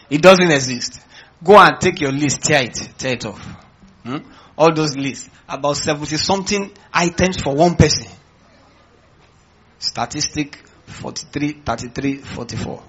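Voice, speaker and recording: Husky-voiced pastor preaching. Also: male voice, fairly high pitch, measured pace, a bit bright, lo-fi sound. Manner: preaching with call-outs to the congregation. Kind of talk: sermon.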